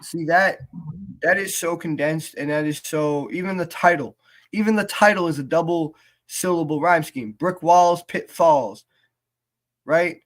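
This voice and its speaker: Casual podcast co-host, a man, pitched a bit high, stop-start delivery full of fillers. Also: a bit bright. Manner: halting, with many fillers and restarts. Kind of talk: casual chat about writing rap lyrics.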